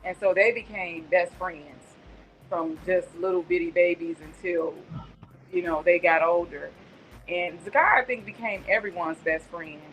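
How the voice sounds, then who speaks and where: A woman's voice: on the low side, steady tone, measured pace, a bit bright, soft background music, low-quality recording. A woman guest on a talk show, chatting in a rambling, tender way while remembering her late nephew over a video call. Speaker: guest, aunt of the deceased.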